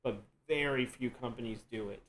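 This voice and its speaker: A man's voice: medium pitch, moderate pace, low-quality recording. Laid-back man rambling on a livestream. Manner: relaxed, rambling, says "you know" and "dude" a lot. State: yawning, tired. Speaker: host. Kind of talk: casual chat on a live stream.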